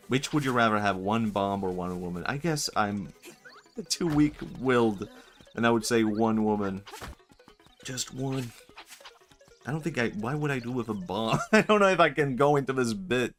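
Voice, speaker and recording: This streamer's voice is mid-range, animated, and a bit bright, moving at a moderate pace over soft background music. He rambles casually about the game, cracks jokes, laughs often, and leaves his bits unfinished.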